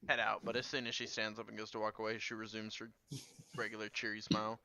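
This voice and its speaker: A man playing a character in a tabletop game over voice chat, playful, given to loud laughing outbursts. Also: completely flat delivery, fast talker, vocal fry, no echo. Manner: laughing, playful, bursts of loud high exclaims. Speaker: player. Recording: dull, dry voice-chat audio.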